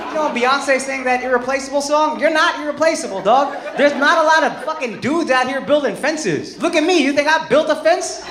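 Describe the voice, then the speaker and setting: A man doing stand-up crowd work, loud and profane, breaking into shouts. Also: very high-pitched, normal speed, very noisy. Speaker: stand-up comedian. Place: live comedy venue with audience. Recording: roomy live venue with loud crowd.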